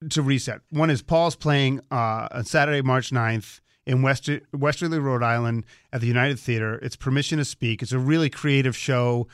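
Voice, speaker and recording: A man's voice: mid-range voice, clean tone, no echo, studio quality. A man hosting a radio talk show, chatting eagerly with a guest. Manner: chatty, eager, quick asides and laughs. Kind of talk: casual interview chat.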